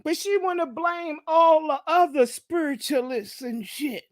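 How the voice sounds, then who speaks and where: Woman, high voice, slow drawl, dry close sound, profane ranting commentary. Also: dry recording. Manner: profane, mocking, confrontational, repeats "okay?". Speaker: gossip commentary host.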